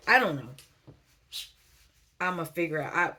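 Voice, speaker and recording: A woman in giving a relaxed, chatty tarot reading at home, thinking aloud and reading card text slowly. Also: deep voice. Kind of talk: casual spoken tarot reading. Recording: faint background noise.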